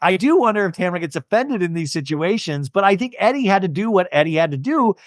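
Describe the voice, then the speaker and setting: A fast-talking young adult man with a high-pitched voice hosts a podcast, delivering an animated, jokey recap of a TV episode. He acts out quotes, and the recording is dry and studio quality.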